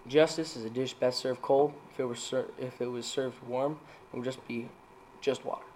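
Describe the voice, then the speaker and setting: A man's voice: steady tone, moderate pace, a little mellow, slight background noise. Playful man reading dad jokes. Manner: playful, laughs at own jokes, jumps into higher voices for punchlines.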